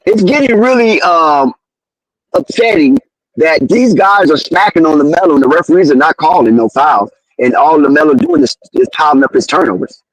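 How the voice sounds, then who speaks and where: A man doing fan play-by-play of a basketball game, excitable, slangy and loudly outraged at the referees. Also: fairly high pitch, no room sound, rough recording. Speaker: live game commentator.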